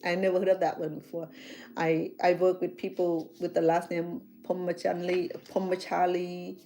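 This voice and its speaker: A woman's voice: fairly low pitch, level tone, normal speed, dark tone, slight background noise. A middle-aged woman with a Khmer accent, chatting casually as a chef and vlogger, rambling with lots of fillers and restarts. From Cambodia. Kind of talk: casual chat.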